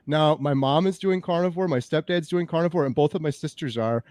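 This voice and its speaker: A man's voice: on the high side, a little mellow, dry recording. A man hosting an interview, talking in an upbeat, enthusiastic way in casual conversation. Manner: enthusiastic, upbeat, quick to praise. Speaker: host.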